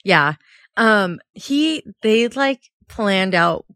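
A woman's voice: mid-range voice, animated, very slow, a bit bright, no echo, clean studio sound. A young woman co-hosting a podcast in casual chat, emotional and laughing often as she talks. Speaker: podcast co-host.

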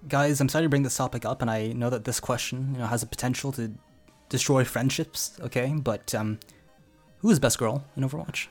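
A man's voice: medium pitch, fairly quick, faint music behind. A young man co-hosting a casual podcast, easygoing and asking the group questions. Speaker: podcast co-host. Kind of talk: casual gaming podcast chat.

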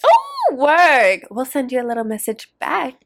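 High-voiced giggly woman podcaster. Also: wildly swooping pitch, a little slow, a little hiss or hum. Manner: giggly, playful joking. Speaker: podcast co-host. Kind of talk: casual pop culture chat.

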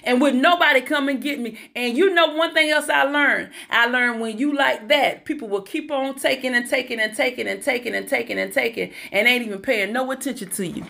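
A woman's voice: fairly high pitch, fairly quick, creaky, few pauses, sharp tone. A middle-aged woman giving a preachy motivational talk, calling out to listeners as y'all and honey. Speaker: motivational speaker.

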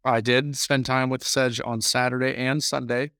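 A man's voice: medium pitch, flat delivery, moderate pace, a bit bright, dry recording, studio quality. Rambling storytelling podcast man. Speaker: podcast co-host. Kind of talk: casual chat.

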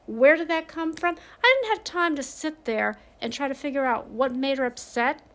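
A woman's voice: high-pitched, moderate pace, fairly bright tone. A grieving woman speaking frankly and confidingly in a personal monologue, with emphatic bursts.

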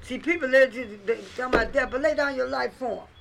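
A woman co-hosting a lively Christian radio Bible study, emphatic and repeating her phrases in call-and-response style. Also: sits high, quick pace, creaky, faint music behind, poor audio. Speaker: radio Bible teacher, co-host. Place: radio station studio.

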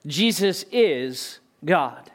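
A man's voice: on the high side, expressive, very slow. Man preaching an emphatic sermon. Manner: emphatic, conversational preaching with rhetorical questions. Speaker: pastor.

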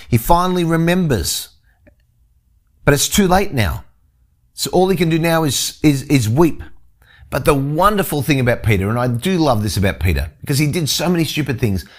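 A man reading a scripture passage and then explaining it in an earnest teaching style, often restarting his sentences. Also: mid-range voice. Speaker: Bible teacher.

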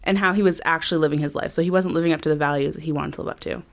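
A woman's voice: sits low, steady tone, racing, creaky. A woman co-hosting a podcast, telling a true crime story from her notes in a chatty way, with frequent ums. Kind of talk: casual chat, reading from notes.

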